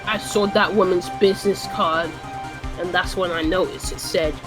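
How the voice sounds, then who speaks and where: A man's voice: sits high, steady tone, moderate pace, music in the background, natural voice. A man voicing a nosy, bossy old woman security guard as he reads game dialogue aloud, in a scolding, theatrical manner. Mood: snippy.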